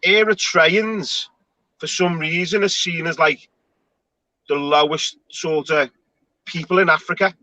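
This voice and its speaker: A man's voice: fairly high pitch, steady tone, unhurried, pauses often, bright, forceful tone, no echo, rough recording. A man hosting a casual online panel chat, talking in a chatty, rambling way with frequent restarts. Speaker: show host.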